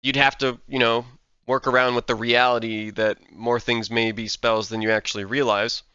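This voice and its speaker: A man casually reading out game skill text and reacting with excitement, a little sleepy and yawning. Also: mid-range voice, moderate pace, clear, resonant tone, no room sound, lo-fi sound. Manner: enthusiastic, reads game text aloud then reacts. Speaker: gaming content creator.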